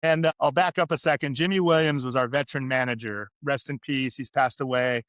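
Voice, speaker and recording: A middle-aged man from California, a podcast guest and former pro athlete, telling candid stories in an animated, chatty way. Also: mid-range voice, fairly quick, smooth, dry recording. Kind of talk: interview storytelling.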